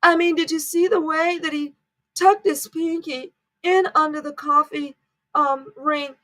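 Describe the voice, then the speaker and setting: A woman's voice: high-pitched, steady tone, measured pace, fairly bright tone, dry recording, voice pushed up. A woman mockingly playing a fawning tabloid TV presenter who coos breathlessly over trivial details. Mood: gushing.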